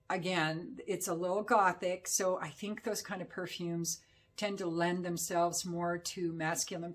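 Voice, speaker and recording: A woman's voice: on the low side, a bit bright. A woman giving a casual, rambling perfume review, talking with many fillers. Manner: chatty, rambling, full of fillers.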